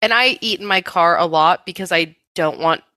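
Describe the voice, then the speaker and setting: A woman's voice: lowish voice, normal speed, pushed and bright, dry recording. A young woman co-hosting a podcast, telling stories in a profane, laughing, casual way. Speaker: podcast co-host. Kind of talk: casual chat.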